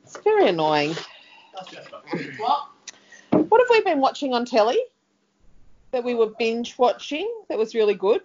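A woman's voice: a little high, very animated, measured pace, long pauses, a little mellow. A middle-aged woman, co-hosting a casual chat and rambling with many fillers. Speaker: podcast co-host. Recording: dull lo-fi sound.

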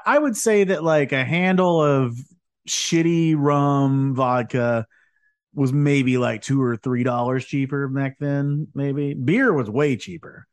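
A man's voice: mid-range voice, takes it slowly, dry recording. Rambling laid-back man chatting. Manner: rambling, laughs often. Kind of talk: casual chat.

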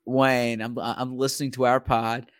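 A man co-hosts a casual sports podcast and talks in a halting way, often restarting his sentences. He sounds close and dry, with no room sound. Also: mid-range voice, little pitch movement, clean tone, dry recording. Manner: halting, many restarts and fillers. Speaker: podcast co-host, sports writer.

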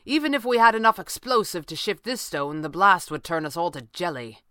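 A woman's voice: lowish voice, a little fast, sharp tone, dry recording, studio quality. A woman voicing a resourceful male hero who speaks grimly and ruefully. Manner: grim, rueful. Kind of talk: audiobook character voice.

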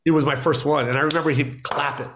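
A man's voice: a little high, steady tone, fast talker, very noisy. A middle-aged man, a stand-up comedian, telling stories in casual podcast talk, acting out quotes and laughing often.

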